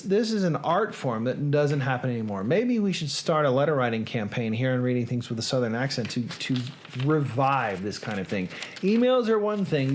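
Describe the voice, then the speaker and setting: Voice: medium pitch, slight background noise. A host chatting casually on a live reading show, joking and reacting to viewers.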